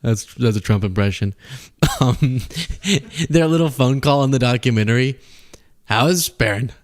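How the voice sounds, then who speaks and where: A man's voice: mid-range voice, moderate pace. A young man hosting a live political talk stream, joking casually, laughing often and sliding into mock voices.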